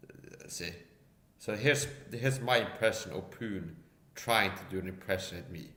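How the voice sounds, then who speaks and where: A man with a lowish, forceful, bright voice rants casually as a livestream guest. He keeps tagging his lines with "okay?" and "see?". A roomy echo surrounds his voice. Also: unhurried. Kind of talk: casual rant.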